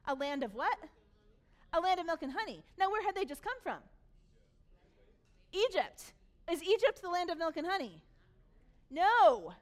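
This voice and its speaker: A woman pastor giving a sermon, retelling scripture in animated, casual voices and speaking directly to the congregation. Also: extremely high pitch.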